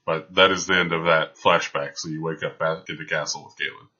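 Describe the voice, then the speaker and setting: A man's voice: a bass voice, fairly even intonation, fairly quick, bright, forceful tone. A man narrating as game master of a tabletop game, with dry, teasing remarks. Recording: dull lo-fi sound.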